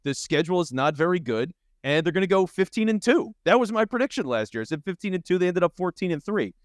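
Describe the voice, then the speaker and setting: Podcast cohost dude, confident, teasing, dry close mic, kinda high voice. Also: male voice, fast, no room sound. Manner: confident, teasing, lively delivery. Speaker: podcast co-host. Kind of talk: casual sports podcast chat.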